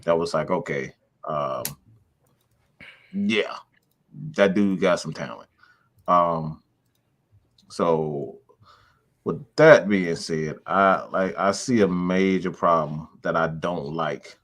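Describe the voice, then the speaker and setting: A man co-hosting a casual sports talk show, deliberate and building to emphatic repetition. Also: deep voice, a bit bright. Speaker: podcast co-host.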